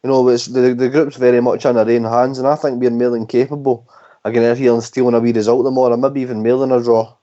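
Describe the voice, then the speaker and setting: A man's voice: mid-range voice, little pitch movement, quick pace, dark tone. A man calling in to a fan radio phone-in, upbeat and confident. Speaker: caller. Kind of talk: casual phone-in chat. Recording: dull lo-fi phone audio.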